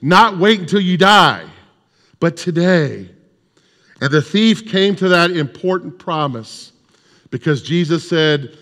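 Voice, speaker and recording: A man preaching an Easter sermon, telling stories and voicing the people in them, dropping to a hushed voice at the key lines. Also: on the high side, animated, takes it slowly. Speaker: chaplain and preacher. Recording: long hall reverb.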